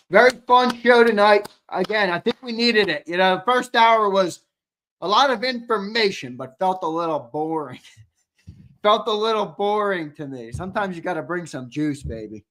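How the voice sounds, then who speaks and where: Male livestream sports host, a touch high-pitched, profane and cocky, chatty with the audience. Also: animated, normal speed, fairly bright tone. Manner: brash and profane, with trash talk; reads out and answers the live chat. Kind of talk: casual livestream chat.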